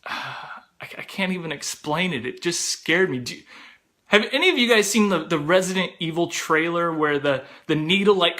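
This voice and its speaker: A young man spins a comic story about himself in a loose, chatty way, sprinkling in "like" and "bro". His voice sits high for a man and has a bright, forceful edge. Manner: animated, chatty, peppered with "like" and "bro".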